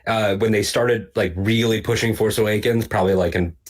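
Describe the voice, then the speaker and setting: A man's voice: lowish voice, fairly even intonation, a little fast. A man co-hosting a podcast in casual chat, riffing and joking playfully. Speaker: podcast co-host.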